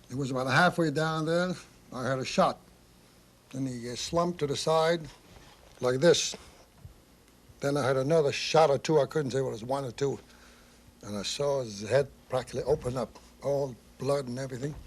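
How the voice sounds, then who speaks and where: A man giving a live television interview as an eyewitness, shaken and halting, his voice sinking. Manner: shaken, halting, voice dropping low. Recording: archive TV broadcast with faint noise.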